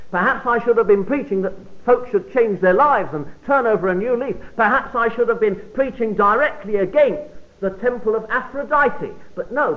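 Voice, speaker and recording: Man preaching a Bible study, fairly high voice, dramatic quiet drops, narrow phone-like audio. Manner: expressive, emphatic delivery with sudden drops to quiet.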